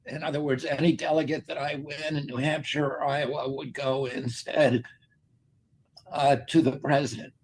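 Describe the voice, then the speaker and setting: A man speaking in a played clip of a candidate's public remarks, with a raspy, strained voice and halting delivery full of restarts. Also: on the high side, flat delivery, rough recording. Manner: halting, with many restarts and fillers.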